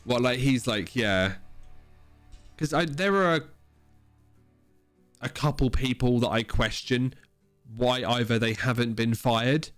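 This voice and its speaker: A man's voice: medium pitch, fairly bright tone, smooth, dry recording. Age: adult. Sex: man. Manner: blunt and sweary. Behind: faint music. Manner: blunt and sweary, with halting restarts. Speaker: podcast co-host. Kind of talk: casual chat.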